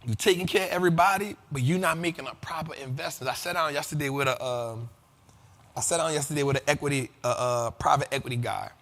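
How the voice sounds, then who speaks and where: A man hosting an investing show, talking in animated, profane casual commentary and often asking if listeners follow him. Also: a little high, fast talker, big-room sound. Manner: animated and profane, keeps asking "you feel me?". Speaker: host of a money and investing show.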